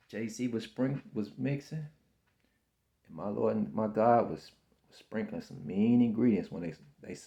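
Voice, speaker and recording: Gravelly man in his fifties musing. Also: on the low side, warm tone. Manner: slow, repetitive, preachy, calls listener baby. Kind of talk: rambling spiritual self-affirmation monologue.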